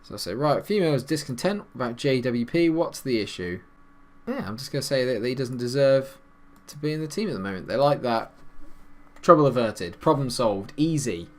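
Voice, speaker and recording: A man giving casual, chatty commentary over a football management game, calling plays and getting excited at goals. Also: mid-range voice, normal speed. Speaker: gaming YouTuber.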